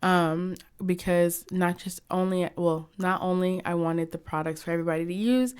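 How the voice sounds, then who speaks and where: A young woman from the United States speaks as a guest in a relaxed interview, her voice clear and smooth and sitting a little low. She tells stories with energy and quick asides, and often slips into quoting what other people said. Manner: chatty, animated storytelling with acted quotes. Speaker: guest, cosmetics company founder. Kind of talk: casual interview chat.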